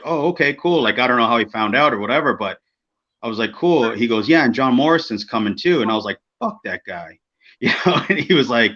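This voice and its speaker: A man co-hosting a podcast, telling a backstage story casually and acting out the people in it. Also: medium pitch. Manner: animated, acts out quoted people, swears freely. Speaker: podcast co-host, former wrestler. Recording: dull lo-fi podcast audio.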